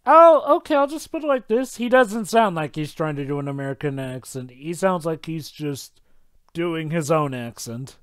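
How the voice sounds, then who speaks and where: A co-host in a casual movie commentary, making wry asides and quick reactions. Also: mid-range voice, animated, clean tone, dry recording. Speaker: podcast co-host.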